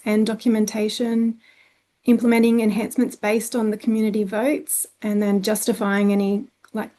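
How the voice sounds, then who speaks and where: Presenting a conference webinar, an Australian woman speaks in a fairly high, mellow voice. Her delivery is plain, with frequent ums and restarts.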